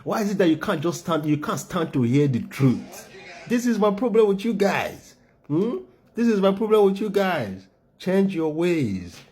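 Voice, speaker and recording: A man's voice: high-pitched, very animated, normal speed, darkish tone. A man lecturing viewers in a scolding monologue, repeating phrases for stress. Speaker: commentator. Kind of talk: opinion monologue to camera.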